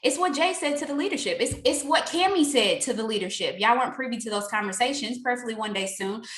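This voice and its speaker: A young adult woman speaks fast in a fairly high voice, with a reverberant sound, giving a casual motivational talk to her sales team. She is animated and preachy, laughing often and acting out what others said.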